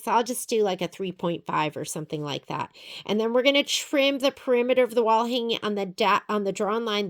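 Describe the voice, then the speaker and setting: A fairly high, fairly bright female voice belongs to a sewing instructor walking through a quilting project. She talks through each step aloud and chats as she thinks her way along.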